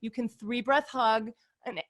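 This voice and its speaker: A woman in her forties talks as a podcast guest in a casual, upbeat way. She is earnest and chatty and her voice sits fairly high. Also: fairly even intonation, measured pace. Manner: upbeat, warm, earnest with lots of "like" and "you guys". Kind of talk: casual conversational interview.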